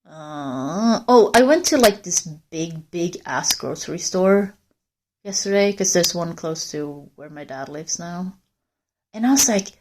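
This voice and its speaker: A woman livestreaming on a walk through a forest, chatting casually to viewers in a rambling, swearing way. She is cold, and her voice rises and falls in loudness as she walks. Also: fairly low pitch, lively intonation, a little slow, slight background noise. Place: outdoors in a forest.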